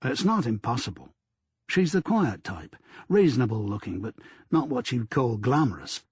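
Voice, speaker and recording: A stolid police detective going through his notes, as a male audiobook reader voices him. He talks in a measured, matter-of-fact way, his husky voice rising and falling freely. Close, dry recording. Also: medium pitch, big pitch swings, a little mellow, no echo.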